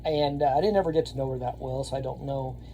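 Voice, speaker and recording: A man, telling a rambling story to camera and getting louder when he acts out scenes. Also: mid-range voice, quick pace, a little hiss or hum. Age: 30s. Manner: rambling, animated, laughs often, shouts when reenacting. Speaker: vlogger and Army veteran.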